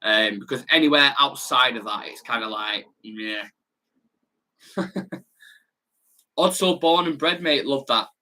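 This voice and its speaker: A man's voice: medium pitch, takes it slowly, long pauses, bright, forceful tone. A young man with a Salford accent, hosting a football watch-along and chatting bluntly with slang as he reads viewer comments. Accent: Salford, Manchester. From Salford, England. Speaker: football fan channel host.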